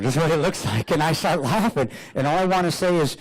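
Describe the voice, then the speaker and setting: A man giving a lively storytelling speech as a guest speaker, joking and laughing often. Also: a little high, fast talker, hardly any pauses. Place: hotel banquet room.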